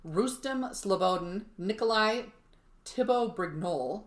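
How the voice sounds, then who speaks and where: A woman's voice: medium pitch, animated, takes it slowly, a bit bright, roomy sound. A woman co-hosting a podcast, telling a true mystery story in a chatty way with wry asides. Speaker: podcast co-host.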